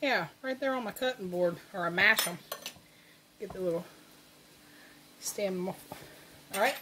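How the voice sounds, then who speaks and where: A woman with a Southern American accent talks through a home recipe in an easy, folksy way, laughing often. Her pitch sits in the middle for a woman. Faint kitchen noise, with dishes and utensils clinking, runs under her voice. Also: unhurried. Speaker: cooking channel host. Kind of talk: casual cooking demonstration.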